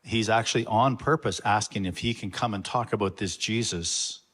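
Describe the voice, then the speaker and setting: Low-voiced pastor addressing his church. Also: fairly bright tone. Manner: earnest, halting address with fillers. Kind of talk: introducing a guest to the congregation. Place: church sanctuary. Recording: long church reverb.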